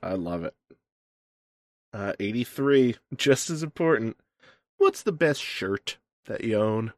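A man's voice: on the low side, expressive, takes it slowly, no room sound. A man hosting an interview, asking numbered questions in a playful, encouraging way. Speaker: host.

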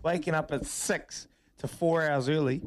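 A man's voice: fairly high pitch, steady tone, moderate pace. A man co-hosting radio, teasing his colleague in casual banter. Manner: teasing, says mate a lot. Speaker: radio co-host.

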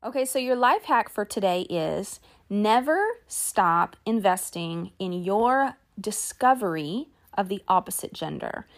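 A woman's voice: medium pitch, lively intonation, a little slow, few pauses. A middle-aged woman hosting a solo podcast, talking in a chatty, earnest way and sharing stories about her family. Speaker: podcast host. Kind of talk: casual solo podcast talk.

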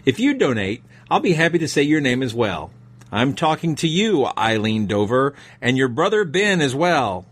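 A man's voice: mid-range voice, big pitch swings, moderate pace. A man hosting a podcast and reading the closing credits in a friendly, wry way. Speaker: podcast host. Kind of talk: scripted outro.

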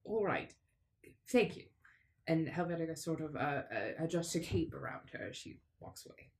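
A woman playing a tabletop role-playing game, voicing her character with animated, expressive delivery. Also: low voice, normal speed, vocal fry. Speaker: player.

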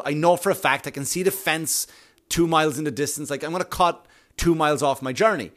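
A man telling a story in a casual monologue, animated and self-mocking, with a lot of swearing. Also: on the high side, brisk.

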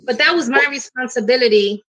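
A middle-aged woman, a guest on a talk show, telling a personal story in an emotional, animated way with acted quotes. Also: high voice, a little fast, poor audio.

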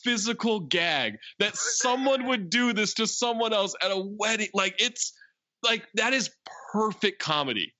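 A man's voice: high voice, expressive, unhurried, sharp tone. A man co-hosting a podcast, chatting casually as he recaps a film, with plenty of "like" fillers and a rambling, enthusiastic manner. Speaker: podcast co-host.

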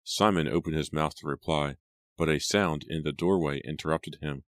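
A man reading an audiobook in a steady, measured storytelling manner. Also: a bass voice, no room sound. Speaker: audiobook narrator. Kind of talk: scripted narration.

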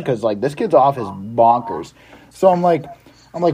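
A man's voice: medium pitch, expressive, moderate pace, a little mellow, a little hiss or hum. A young man telling a camp counselor story casually, swearing and acting out his own outbursts. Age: young adult.

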